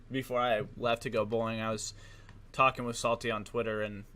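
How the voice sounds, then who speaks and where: A man's voice: medium pitch, flat delivery, normal speed, sharp tone. A man hosting a casual chat. He rambles, swears and laughs often. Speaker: podcast host.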